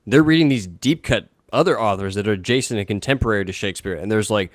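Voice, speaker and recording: Man, low voice, dry close sound, eager podcast talker. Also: quick pace, no room sound. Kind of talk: casual podcast chat.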